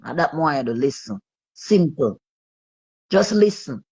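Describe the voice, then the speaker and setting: A Jamaican woman calls in to a live stream and earnestly tells her story. Her voice sits low and sounds husky. The call audio is dull and muffled. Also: animated, a little slow, warm tone, no echo. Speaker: caller. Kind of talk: casual live chat.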